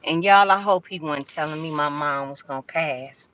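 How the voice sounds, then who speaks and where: An older woman chatting casually on a livestream, talking straight to her viewers in a slow drawl. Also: low voice, fairly bright tone, dull audio. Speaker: live streamer. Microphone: phone.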